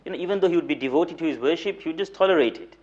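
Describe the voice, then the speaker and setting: A young man lecturing in a mosque as a moulana, telling stories with light humor, repeating words for emphasis and reciting Arabic rapidly. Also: on the high side, a little mellow. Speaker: moulana giving a weekly lecture. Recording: dull lo-fi recording.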